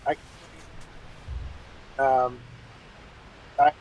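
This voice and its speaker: A man's voice: mid-range voice, level tone, very slow, a little mellow, highs cut off, slight background noise. An older grandfather chatting casually, giving fatherly advice. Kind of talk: casual chat.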